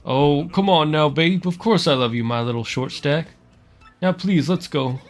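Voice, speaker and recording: A man voicing a gruff, henpecked tough-guy husband who wheedles with sweet talk. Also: a little high, normal speed, soft background music, close to an everyday voice. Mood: coaxing.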